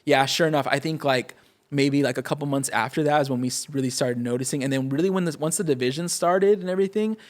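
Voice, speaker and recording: Fast-talking young man telling a story. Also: fairly high pitch. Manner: rapid, animated, full of fillers, acts out quotes. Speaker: pastor and guest. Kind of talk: casual interview storytelling. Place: podcast studio.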